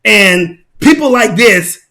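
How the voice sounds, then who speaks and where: Male commentator, casual rant, high-pitched bright voice, emphatic, repetitive. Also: expressive, takes it slowly. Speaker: online commentator.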